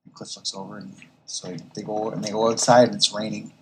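A man's voice: lowish voice, little pitch movement, a little fast, a little mellow, a little hiss or hum, rough recording. A man hosting a podcast who recaps a comic casually and animatedly, acting out quotes. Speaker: podcast host.

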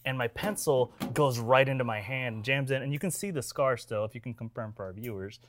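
A man's voice: medium pitch, fairly quick, a little hiss or hum. Rambling man telling a story. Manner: rambling, animated storyteller with many restarts. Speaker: podcast co-host. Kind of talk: casual storytelling chat.

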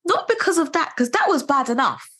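A woman in her thirties telling her story in a casual conversation, animated and indignant. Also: sits high, brisk. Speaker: guest sharing her story.

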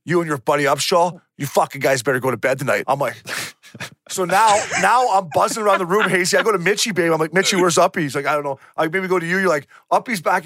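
A man, a podcast co-host and former hockey player, telling a story in a quick, excitable, profane way, laughing often. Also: fairly high pitch, dry recording, studio quality. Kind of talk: casual storytelling chat.

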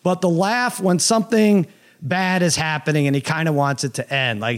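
A man in casual sports talk, hosting the show with an animated, chatty delivery. His voice sits a little high and he breaks into laughter often. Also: brisk. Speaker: podcast host.

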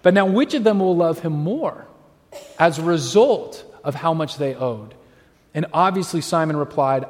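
A man's voice: on the high side, expressive, moderate pace. A man preaching a sermon, telling stories animatedly and acting out the voices of people he quotes. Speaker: pastor. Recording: long hall reverb.

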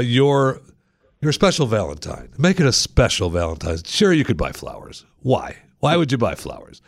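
Gravelly radio host guy riffing on the news, repeats himself a lot, dry close mic. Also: medium pitch, no echo. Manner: chatty, joking, repeats himself. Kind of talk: casual talk radio monologue.

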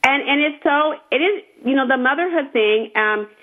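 A woman hosting an interview, chatty and encouraging. Her voice is a bit high. It reaches the listener through a tinny, phone-like line. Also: animated, normal speed. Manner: chatty, laughing, encouraging questions. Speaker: interview host. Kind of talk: interview questions.

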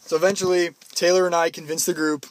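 Lively young Canadian man telling stories. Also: on the high side, fast. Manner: animated, acts out quotes in loud put-on voices. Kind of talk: casual storytelling chat.

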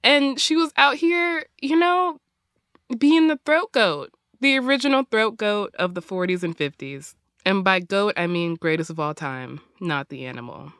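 A woman co-hosting a podcast, rushing through a profane comic story and laughing between lines. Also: medium pitch, expressive, fairly bright tone, clear, resonant tone, no room sound, studio quality. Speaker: podcast co-host. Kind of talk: rapid comedic recap.

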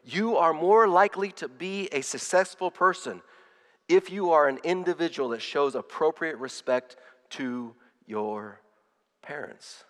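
A man's voice: on the high side, a little slow, in a large hall. A man preaching a sermon as pastor, earnest, often repeating words and restarting his phrases.

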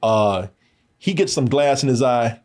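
A man hosting a podcast in casual chat, animated and laughing often as he acts out scenes. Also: mid-range voice, unhurried. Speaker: podcast host reviewing a show.

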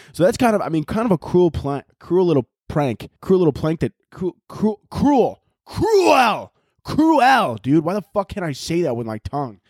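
A man's voice: fairly high pitch, darkish tone, no room sound, studio quality. A young man hosting his own podcast, rambling in a profane, self-mocking comic rant. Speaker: podcast host. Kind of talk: solo comedic podcast rant.

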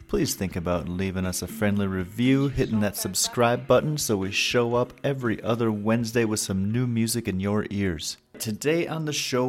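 A man hosting a music podcast, talking in a chatty, rambling way with frequent restarts. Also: fairly low pitch. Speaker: podcast host. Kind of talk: casual interview chat.

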